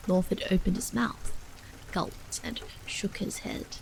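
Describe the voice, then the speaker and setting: A woman reading a horror novel aloud as a soft, half-whispered ASMR bedtime story. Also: mid-range voice, steady tone, takes it slowly, gravelly, slight background noise, rough recording.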